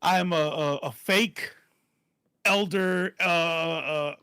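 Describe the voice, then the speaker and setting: A man's voice: on the high side, drawn-out words, sharp tone, smooth, no echo, studio quality. A man in his forties in a casual podcast chat, joking, stammering through restarts and swearing casually. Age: 40s.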